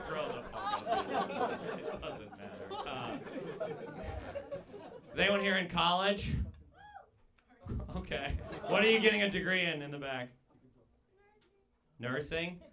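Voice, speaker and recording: A man performing a stand-up comedy set in a comedy club, deadpan and sardonic, teasing the audience. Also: fairly high pitch. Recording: live club with loud crowd laughter. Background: audience laughter.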